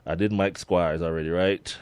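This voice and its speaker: A laid-back man co-hosts a sports podcast, his low voice close to the mic and dry. He speaks, chuckling as he works through the day's listings. His delivery is loose and unhurried. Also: fairly even intonation, darkish tone, smooth, no echo. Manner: laid-back, laughs often, reads listings with slips. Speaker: podcast co-host. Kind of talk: casual sports podcast chat.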